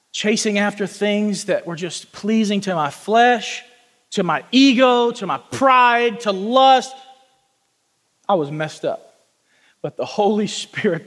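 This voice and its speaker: A man preaching a testimony sermon in a church, talking with passion and folksy asides, and shouting at the peaks. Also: high voice, long reverb tail. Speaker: pastor. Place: church sanctuary with congregation.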